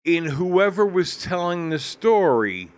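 A man co-hosting a casual film review chat in a deliberate, dry way. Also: sits high, big pitch swings, dry recording. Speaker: podcast co-host reviewing films.

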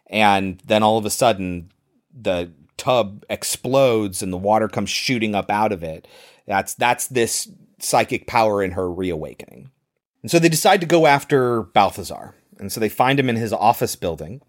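A man hosting a podcast, casually recapping a film in detail and acting out quoted lines. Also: lowish voice. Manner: retells scenes in detail, acts out quoted lines. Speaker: podcast host.

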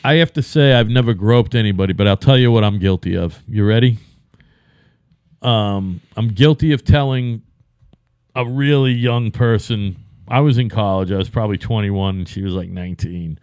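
A man's voice: on the low side, moderate pace, a little mellow, dry recording, studio quality. A man in his fifties with a Boston accent, swearing freely in blunt casual banter. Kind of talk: casual chat.

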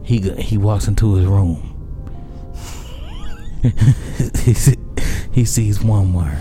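A man casually telling an absurd story in a deadpan, slangy, unhurried way. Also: fairly low pitch, soft background music.

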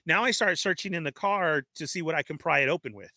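A man telling an animated story in casual chat, laughing often and acting out the dialogue. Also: fairly high pitch, quick pace, no room sound. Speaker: show regular telling a story.

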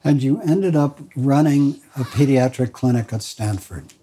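A man interviewing a guest, calmly prompting her with questions. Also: medium pitch, a little slow, husky.

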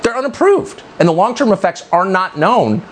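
A male commentary host delivers his monologue with scorn and sarcasm. His pitch swings widely, rising and plunging as he mocks and scolds. A faint hiss sits under the voice. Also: very animated, normal speed. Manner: indignant, sarcastic, mocking.

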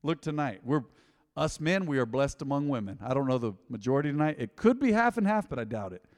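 A pastor preaching a sermon, swinging between loud emphasis and hushed asides. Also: male voice, medium pitch, sing-song, fast, in a large hall. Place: church hall.

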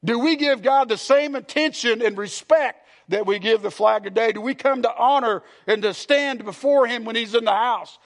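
A man's voice: extremely high pitch, normal speed, few pauses. A man, a pastor preaching a sermon to his congregation, earnest and repetitive, asking the room questions. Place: church sanctuary.

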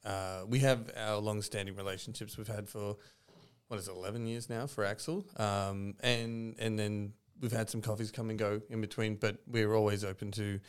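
Relaxed, earnest man, low-pitched and smooth, podcast guest. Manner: relaxed, earnest, thinks aloud. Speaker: podcast guest from a coffee roaster. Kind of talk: casual podcast interview.

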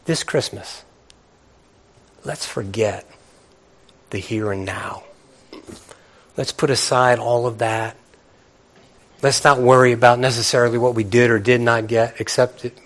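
A man's voice: mid-range voice, fairly even intonation, unhurried, long pauses, a bit bright. A man preaching to his congregation in a fervent, repetitive style. He circles back on the same phrases again and again. He breaks off now and then for playful asides to listeners. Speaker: pastor. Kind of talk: sermon.

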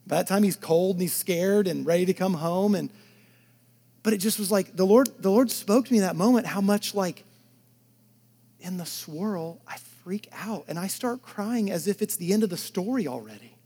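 Male pastor, husky, higher-pitched, preaches with big swings from full voice to soft near-whispers. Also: moderate pace. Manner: shifts from loud emphatic preaching to hushed near-whispers; conversational asides to the congregation. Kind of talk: sermon.

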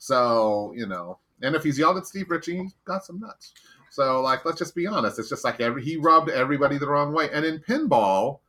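Podcast host, male, bright and a bit high, blunt and swears freely. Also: lively intonation, fairly quick. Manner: blunt, profane, rambling opinions. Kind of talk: casual chat.

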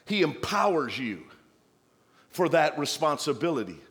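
Male pastor, sermon delivery, exhorting with playful asides, slightly high voice, church hall reverb. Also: big pitch swings, a little slow, a bit bright.

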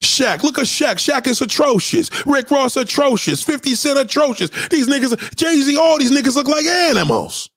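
A man's voice: very high-pitched, expressive, normal speed, few pauses, fairly bright tone, no room sound, studio quality. A man hosting a livestream, ranting at his live chat in a profane, combative way, often repeating himself. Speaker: livestream host. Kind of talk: unscripted rant to a live chat.

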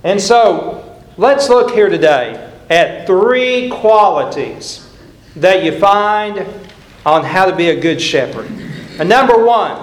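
Slow and deliberate but animated, an older man with a high voice preaches with earnest emphasis, circling back to repeated phrases. The sermon reverberates through an echoey church sanctuary.

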